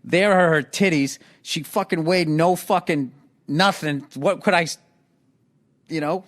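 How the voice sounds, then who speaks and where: A man with a Boston accent, hosting and telling a story in casual, profane chat, animated and laughing often. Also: a little high, measured pace. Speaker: podcast host.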